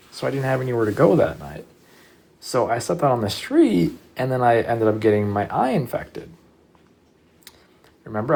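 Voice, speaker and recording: A livestreamer telling a story casually to chat, animated and swearing often. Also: medium pitch.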